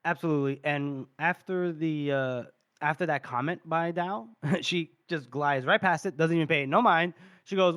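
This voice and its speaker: A man's voice: on the high side, normal speed, a bit bright, no room sound. Laughing man retelling a book scene. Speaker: podcast co-host. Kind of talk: casual book discussion.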